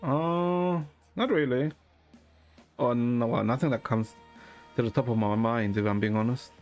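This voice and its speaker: A man streaming and chatting with viewers in a deadpan, rambling way, swearing now and then. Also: medium pitch, a little slow, faint music behind. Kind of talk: casual chat with viewers.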